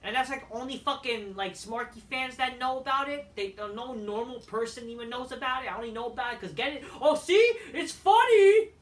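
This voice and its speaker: A woman's voice: on the high side, fairly even intonation, brisk, hardly any pauses, pushed and bright. A woman reviewing a wrestling show in a casual, rambling rant, swearing often and brushing things off with dismissive asides. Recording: echoey room, voice far from mic.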